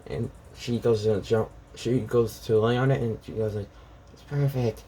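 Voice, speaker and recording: A man's voice: fairly low pitch, flat delivery, moderate pace, mellow, a little hiss or hum. A young man casually retelling a fan story, rambling with restarts and "she goes like".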